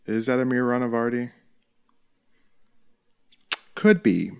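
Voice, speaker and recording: A man's voice: medium pitch, slow, vocal fry, clean tone. A man in his thirties, the show host, giving casual, joking fight commentary with lots of swearing and laughter. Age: 30s. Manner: joking, profane, laughs often.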